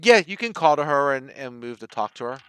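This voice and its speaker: A man acts as game master for a tabletop game, narrating briskly with big swings in pitch. His mid-range voice is fairly bright, clear and resonant, recorded dry, and he rambles with constant fillers like "you know" and "right".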